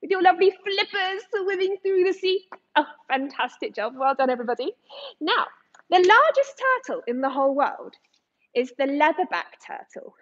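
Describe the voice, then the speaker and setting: A woman's voice: high-pitched, expressive, moderate pace, dull audio. A woman from England, an aquarium educator, giving a live lesson to young children in a sing-song, encouraging way, speaking in front of a tank at the aquarium.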